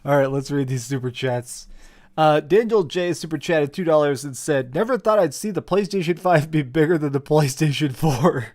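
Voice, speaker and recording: Male streamer, young adult, joking and self-deprecating, slightly raised pitch. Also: normal speed, darkish tone. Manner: joking, self-mocking, rambling. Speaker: streamer reading super chats. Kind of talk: casual live stream chat. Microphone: desk mic with face cam.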